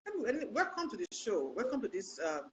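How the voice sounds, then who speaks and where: A woman hosting a Christian health talk show, speaking in a lively, sermon-like way with loud bursts for emphasis. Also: a little high, a little fast, muffled recording, noisy background. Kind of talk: live online talk show, preachy storytelling.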